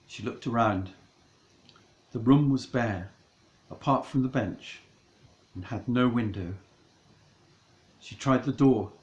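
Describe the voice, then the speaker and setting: A man narrating a comic storybook in a mock-dramatic, deliberate way. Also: medium pitch, a little mellow, roomy sound, muffled recording.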